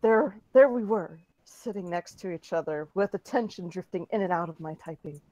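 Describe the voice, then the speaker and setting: A woman's voice: lowish voice, moderate pace, few pauses, dark tone, no echo, rough recording. A woman host giving a playful, dramatic reading of her own comic romance story. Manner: playful, dramatic, breaks into laughter.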